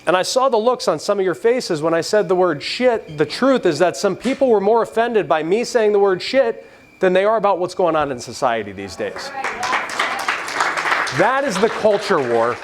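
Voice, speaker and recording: A man's voice: high-pitched, expressive, moderate pace, some chatter behind, a little hiss or hum. Provocative man giving a convention speech. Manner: provocative, joking, preacher-like. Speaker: keynote speaker. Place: convention stage.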